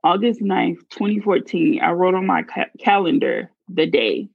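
A woman's voice: fairly low pitch, animated, moderate pace, gravelly, darkish tone, breathy edge, no echo, dull audio. A woman earnestly narrating her own life story in a first-person reading. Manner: earnest, confessional.

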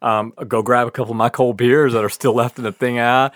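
A man's voice: medium pitch, quick pace, no echo, clean studio sound. A man casually telling a long, funny story, laughing often, swearing, and acting out what people said. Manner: animated, laughing, swears often, acts out quotes. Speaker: podcast guest storyteller.

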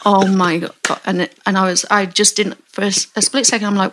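A woman in her forties hosting a podcast, telling a story in a candid, halting way and often restarting her sentences. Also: medium pitch, flat delivery, a bit bright. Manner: candid, halting, self-correcting. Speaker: podcast host. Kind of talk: storytelling in casual chat.

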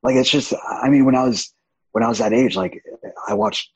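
Young male guest, very husky and gravelly, lively pitch, open and candid. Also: moderate pace, no echo, low-quality recording. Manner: open and animated, laughs often. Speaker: podcast guest. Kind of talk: candid casual chat.

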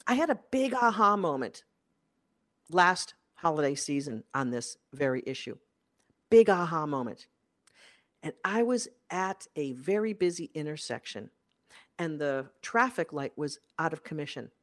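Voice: sing-song, a little slow. A career coach delivering an emphatic motivational monologue, repeating key phrases for effect. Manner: emphatic and repetitive, with big swings in pitch and loudness.

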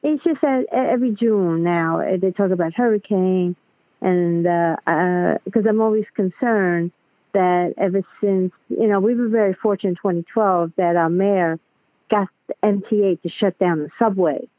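A woman calling in to a radio show, hesitant and halting as she talks through her worries. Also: mid-range voice, no echo. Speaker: caller. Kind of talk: phone call into a radio show. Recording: tinny dry phone line.

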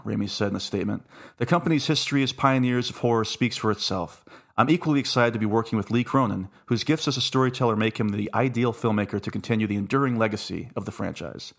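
Gravelly-voiced chatty male podcast host. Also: mid-range voice. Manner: chatty, jokey, self-interrupting. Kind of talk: casual chat.

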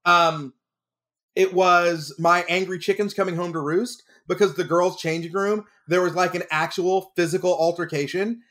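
A man from Texas, a drama teacher, telling stories in casual comedic chat, animated and laughing as he goes. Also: sits high, normal speed. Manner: animated, laughs through his own stories. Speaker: drama teacher and podcast regular.

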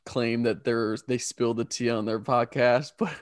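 A man with a mid-range voice joins a casual podcast chat. He cuts in with quick, chatty remarks. The sound is dry. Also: medium pitch, fairly even intonation, no echo.

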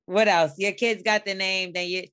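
A woman's voice: medium pitch, moderate pace, very noisy. A woman co-hosting a podcast in casual, chatty banter. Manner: chatty, animated and loud when excited. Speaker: podcast co-host. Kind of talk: casual chat.

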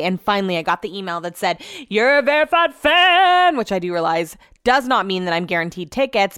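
A woman's voice: mid-range voice, fairly bright tone, dry recording, clean studio sound. A young woman rambling casually through a vlog, swearing freely and breaking off to scold her dogs. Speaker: vlogger.

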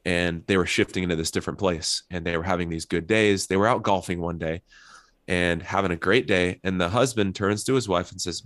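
Deep-voiced man explaining couples advice. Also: normal speed, a bit bright, no echo, clean studio sound. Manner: earnest, explanatory, gives worked examples. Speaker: couples therapist. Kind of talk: interview guest explaining advice.

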